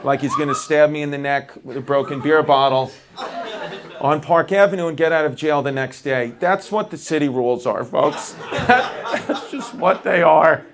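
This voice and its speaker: A man's voice: on the high side, normal speed. Rambling male stand-up comic. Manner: rambling, self-mocking crowd work. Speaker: stand-up comedian. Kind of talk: stand-up set. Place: comedy club stage with live audience. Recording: audience laughter throughout.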